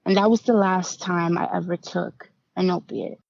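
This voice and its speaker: A woman speaks with raw candor, her voice gravelly with fry as she recounts her own story. Her words catch and repeat when things get hard. The sound is close, dry and slightly dull, like a lo-fi podcast recording. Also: on the low side, steady tone, moderate pace, a little mellow, no room sound. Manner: candid, emotional, repeats words when upset. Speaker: podcast guest. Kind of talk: personal recovery story.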